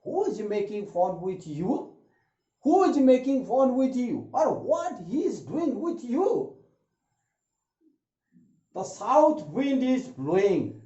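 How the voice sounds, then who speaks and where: High, lively male teacher. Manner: repeats each sentence slowly, explanatory. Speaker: English grammar teacher. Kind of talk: classroom grammar lesson. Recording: echoey room, dull lo-fi sound.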